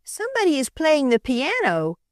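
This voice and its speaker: A woman's voice: sits high, wildly swooping pitch, moderate pace, no echo, studio quality, pitched above the performer's own voice. A woman voicing an insistent little girl roused from sleep.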